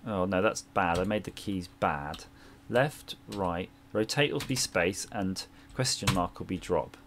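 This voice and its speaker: Unhurried jokey male game streamer. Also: low voice, slight background noise. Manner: jokey, rambling, chats with viewers. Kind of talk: casual livestream chat while gaming.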